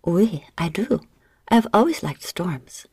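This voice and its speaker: A woman's voice: mid-range voice, animated, moderate pace, warm tone, no echo, voice pushed up. A woman playing a sultry French-accented flirt. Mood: teasing. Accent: French-flavored English. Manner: teasing, slipping into breathy whispers. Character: flirtatious sultry tavern woman, sailor's wife.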